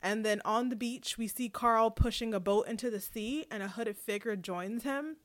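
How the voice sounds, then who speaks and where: A woman's voice: fairly high pitch, normal speed. A woman co-host summarizing a TV episode in casual chat, with fillers and quoted lines. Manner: steady summarizing with fillers, mock-quotes characters. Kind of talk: casual TV recap and plot summary.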